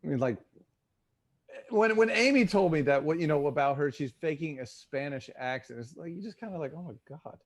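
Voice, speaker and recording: A man's voice: fairly high pitch, animated, a little fast. A man from Texas joining a casual podcast chat, incredulous and laughing.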